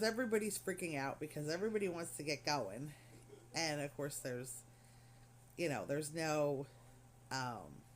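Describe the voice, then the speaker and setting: A woman's voice: sits low, a little hiss or hum. A middle-aged woman craft vlogger telling a story in casual, rambling chat full of fillers and asides.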